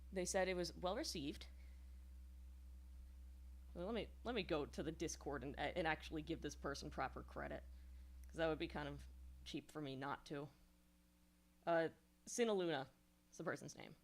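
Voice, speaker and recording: Rambling New woman streamer. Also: on the low side. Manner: rambling, many fillers and restarts, explanatory. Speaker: streamer giving songwriting feedback. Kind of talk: casual livestream critique.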